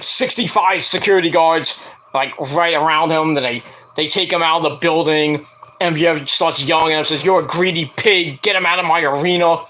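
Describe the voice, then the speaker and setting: A man with a bright, forceful voice, a bit higher than most men, recapping a show for his vlog. He talks casually and rambles, full of fillers, and bursts into excitable play-by-play. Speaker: wrestling show reviewer.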